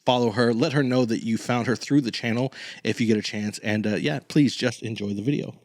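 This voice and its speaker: A man's voice: mid-range voice, fairly quick, no room sound, studio quality. A man hosting a reaction channel, chatting casually with plenty of fillers and restarts. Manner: rambling, filler-heavy talk. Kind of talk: casual chat.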